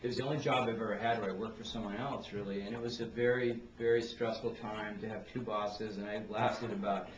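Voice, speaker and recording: A middle-aged man giving a heartfelt, rambling personal toast at a family gathering, halting often and restarting his sentences. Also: fairly low pitch, steady tone, muffled recording. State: tearful near the end. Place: indoor party room with guests. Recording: roomy, distant camera with crowd chatter.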